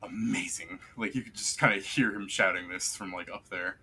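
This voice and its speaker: A man's voice: deep voice, brisk, bright, forceful tone. A man narrating a tabletop game as game master, describing scenes in a rambling way full of fillers.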